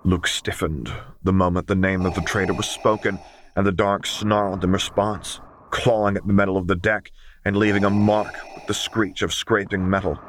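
Man, audiobook narrator, deep voice, steady, measured, faint hiss. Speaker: audiobook reader. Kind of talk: fan fiction audiobook narration.

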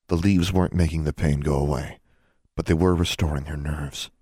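Deep-voiced man narrating a story. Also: moderate pace, breathy edge, no room sound, studio quality. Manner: expressive reading, voices each character. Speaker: audiobook narrator.

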